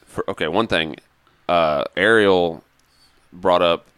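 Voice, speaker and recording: Man, very deep voice, smooth, casual podcast chat, rambling restarts. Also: takes it slowly, fairly bright tone, no room sound. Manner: rambling, many restarts and trailing thoughts. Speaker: podcast co-host.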